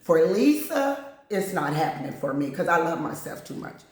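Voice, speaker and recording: A woman's voice: sits low, fairly quick. A woman recounts her own story with blunt candor, slipping into other people's voices as she goes. She talks casually and plainly, straight to the listener. Her voice rings around a very echoey room. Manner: candid, blunt, acts out other people's lines. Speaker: channel host.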